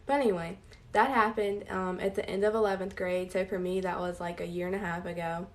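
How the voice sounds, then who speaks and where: A woman's voice: lowish voice, steady tone, a little fast. Young woman speaking from a distance. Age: young adult. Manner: filler-heavy narrating. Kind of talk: casual story time video. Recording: voice a bit distant from mic.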